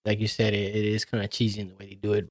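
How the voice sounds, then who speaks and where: A man's voice: fairly low pitch, completely flat delivery, rapid-fire. A man co-hosting a podcast, chatting casually about horror movies in a profane, joking way. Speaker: podcast co-host. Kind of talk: casual movie review chat.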